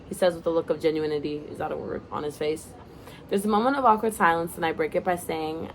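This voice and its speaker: A woman's voice: sits low, fairly quick, slight background noise. A young woman casually reading her own first-person story aloud, now and then breaking off to comment and apologize.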